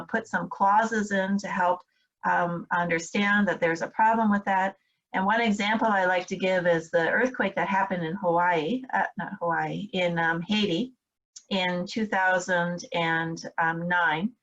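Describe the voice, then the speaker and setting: A woman's voice: fairly low pitch, steady tone, measured pace, fairly bright tone, lo-fi sound. A woman instructor giving a recorded training lecture, explaining step by step with frequent fillers and check-ins with her listeners. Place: home, in Michigan.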